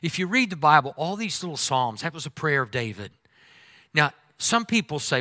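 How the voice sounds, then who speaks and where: A man preaching a humorous sermon as pastor, animated, swinging between loud exclamations and quiet asides. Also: on the high side, normal speed, dry recording.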